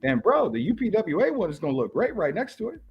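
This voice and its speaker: Brief: male wrestler, bragging, slangy, fairly high voice. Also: huge pitch swings, fast, highs cut off, faint music behind. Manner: boastful, slangy, swaggering. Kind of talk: podcast trash talk.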